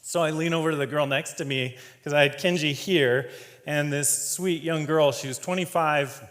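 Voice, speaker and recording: A man with a fairly high voice tells a story to a live audience, light and conversational with a joking streak. His words ring out with a long hall reverb. He sounds like a speaker on stage at an event. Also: moderate pace, fairly bright tone. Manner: conversational and humorous, laughs often. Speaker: keynote speaker.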